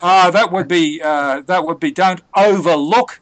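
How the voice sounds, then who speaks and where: Man explaining patiently, halting, dry close sound. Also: sits high, fairly bright tone, no echo. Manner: hesitant, many fillers and restarts, patient explaining. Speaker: English tutor. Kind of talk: conversational language lesson.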